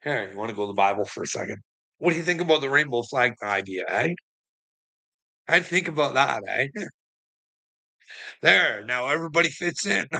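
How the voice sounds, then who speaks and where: A man's voice: medium pitch, lively intonation, a little fast, vocal fry, pauses often, pushed and bright. A man ranting profanely at someone, mocking and angry, with laughs between lines. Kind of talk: ranting livestream talk.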